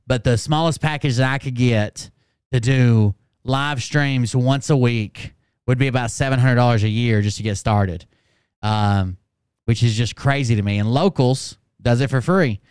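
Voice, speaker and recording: A man's voice: medium pitch, normal speed, a little mellow, clear, resonant tone, no echo, clean studio sound. A man hosting a live stream, chatting casually and rambling with lots of fillers. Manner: rambling, filler-heavy, offhand.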